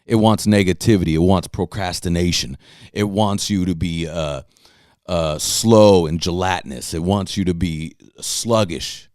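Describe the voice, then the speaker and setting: A man's voice: low voice, measured pace, a little mellow, clear, resonant tone, dry recording, clean studio sound. A middle-aged man rambling through a story and talking to his followers, cursing and restarting his sentences. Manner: rambling, restarts, profane, laughs at himself. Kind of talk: casual storytelling monologue.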